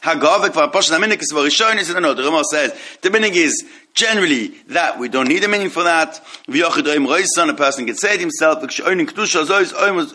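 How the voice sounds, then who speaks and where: A man giving a halacha class, reading Hebrew passages quickly and then explaining them in English, often repeating himself. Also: a little high, animated, pushed and bright. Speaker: Torah teacher.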